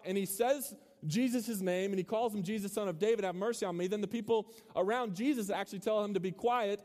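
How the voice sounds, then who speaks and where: Before a live student audience in a large hall, a young man delivers a casual, joking sermon, regularly quizzing the crowd. His voice is a little high for a man, and he talks fairly quickly with hardly any pauses. Each phrase trails off into a long reverb.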